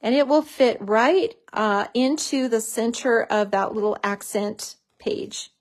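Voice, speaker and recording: Craft tutorial host, woman, higher-pitched, chatty and gushing, casual demo delivery. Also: slow pace. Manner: chatty and gushing, says "so cute" often.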